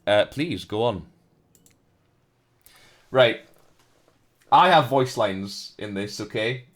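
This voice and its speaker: Male streamer reading game narration with flair; crude, joking asides; very animated pitch. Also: slow. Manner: jokey and profane, reads narration dramatically. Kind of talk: live-streamed game reading and chat banter.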